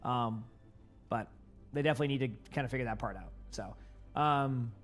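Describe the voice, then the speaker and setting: A man's voice: medium pitch, moderate pace, a bit bright, soft background music. A young man with a light Boston accent, a gaming streamer chatting casually with his viewers, rambling with lots of fillers and restarts. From Boston area.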